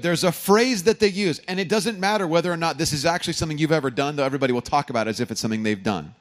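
A man, a pastor from California, preaching a sermon with humorous stories and animated emphasis. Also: a little high, fast talker. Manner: storytelling, joking asides, animated emphasis.

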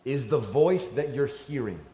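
A man preaching a sermon to a church crowd, talking like a conversation and moving between hushed and emphatic passages. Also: medium pitch, lively intonation, measured pace. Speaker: pastor. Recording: roomy church echo.

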